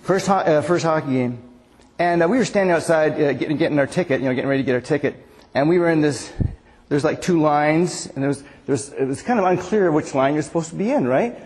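A man's voice: fairly high pitch, fast talker, a little mellow. A man in his sixties giving a casual sermon as a pastor, telling stories with lots of restarts. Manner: chatty storytelling with many restarts. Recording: echoey hall reverb.

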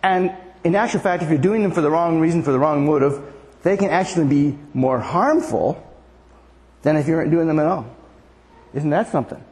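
A man's voice: a little high, fairly quick, a little mellow, long reverb tail. An older man giving a conversational sermon as pastor, often asking the congregation questions. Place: church.

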